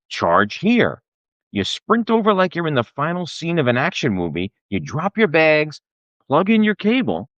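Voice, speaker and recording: Male podcast host, sarcastic profane rant, slightly high pitch, dry close-miked sound. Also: fairly bright tone, dry recording, highs cut off. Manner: exasperated, sarcastic and profane ranting. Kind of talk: comedic rant.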